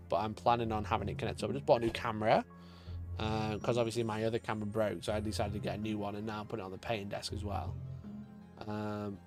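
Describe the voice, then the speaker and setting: A man chatting casually on a live stream, joking and swearing often, with frequent laughter. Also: lowish voice.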